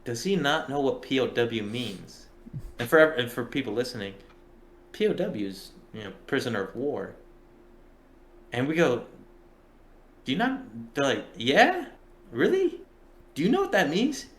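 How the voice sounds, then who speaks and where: A man in his early twenties co-hosting a casual podcast, with a middle-pitched voice. He tells stories in a rambling, profane way and acts out what others said. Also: animated, normal speed, long pauses, slight background noise. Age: early 20s. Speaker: podcast co-host. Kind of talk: casual storytelling chat.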